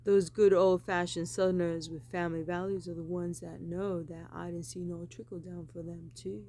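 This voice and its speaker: Low, gravelly woman ranting. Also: flat delivery, moderate pace, warm tone, a little hiss or hum. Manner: emphatic, repetitive, insistent. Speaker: vlogger. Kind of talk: rambling monologue.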